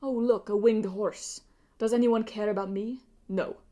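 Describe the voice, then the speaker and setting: A bitter, arrogant male pirate villain with a sneering delivery that sinks into hissing whispers, put on by a woman reading a storybook aloud. He sounds resentful and full of himself. His voice sits at a middling pitch. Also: steady tone, measured pace, mellow, lightly acted.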